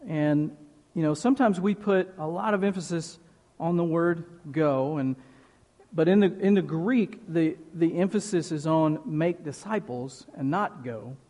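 A male pastor delivers his sermon at an unhurried, emphatic pace, repeating key phrases for weight. His voice sits a little high for a man. The sound carries a long reverb, as in a large church hall. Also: mellow.

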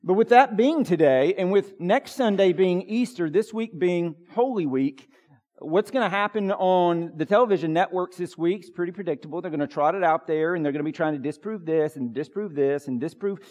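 A man preaches in a high-pitched voice. He talks to the congregation casually and jokes easily, then presses hard on his key points. The sanctuary gives a long, ringing reverb. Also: moderate pace, darkish tone. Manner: conversational, joking, building to emphatic peaks. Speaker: pastor. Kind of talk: sermon. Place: church sanctuary.

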